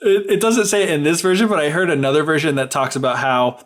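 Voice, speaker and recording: Young man, podcast co-host, casual fairy tale retelling, chatty, fillers, slightly high voice. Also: fast. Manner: chatty, lots of "like" and restarts, wry asides.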